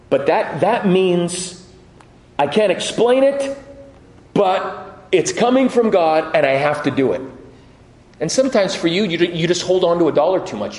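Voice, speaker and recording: A middle-aged man preaching a sermon, telling stories with lively quoted voices and frequent restarts. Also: fairly high pitch. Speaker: pastor. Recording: echoey hall.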